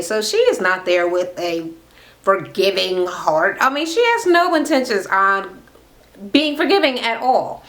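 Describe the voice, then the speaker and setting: A woman casually recapping a reality TV episode in a blunt, sarcastic, swear-filled rant. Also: fairly high pitch. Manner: blunt, sarcastic, heavy swearing, animated retelling. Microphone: camera mic.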